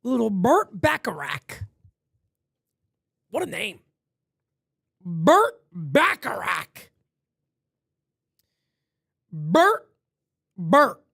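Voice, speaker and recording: Male fan streamer calling play-by-play from a home studio, lively swinging pitch, slow easy pace, shouts on big plays. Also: creaky, no echo. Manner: shouts on big plays, mutters low asides between pitches. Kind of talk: live fan play-by-play commentary.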